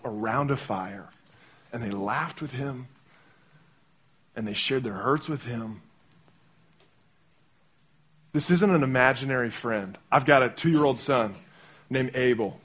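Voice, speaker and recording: A young man delivering a sermon as pastor in a conversational, animated way, acting out little quotes as he goes. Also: medium pitch, a little slow, slightly rough.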